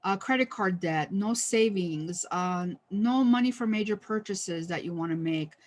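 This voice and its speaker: A woman's voice: mid-range voice, unhurried. A woman trainer giving a conversational workshop talk on stress, with lots of fillers and restarts and a touch of humor. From United States. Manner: lightly humorous. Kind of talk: online training presentation.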